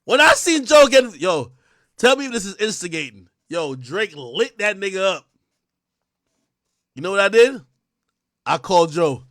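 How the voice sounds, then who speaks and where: A man hosting a livestream, ranting casually and profanely to his chat, often shouting and laughing. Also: high-pitched, sing-song, moderate pace, no room sound, clean studio sound. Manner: profane, addresses chat directly. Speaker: livestream host.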